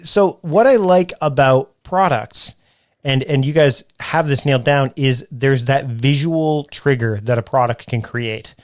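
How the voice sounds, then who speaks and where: A man's voice: medium pitch, unhurried, no room sound, studio quality. A man hosting a podcast interview, talking casually with many restarts and fillers. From Canada. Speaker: podcast host.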